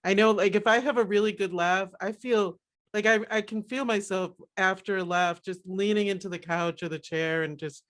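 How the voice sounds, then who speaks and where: Co-host woman, mid-pitch, casual and chatty, quick to laugh, lots of "you know" and "right". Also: steady tone. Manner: easy laugher, many fillers and agreeing "right". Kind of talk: casual chat.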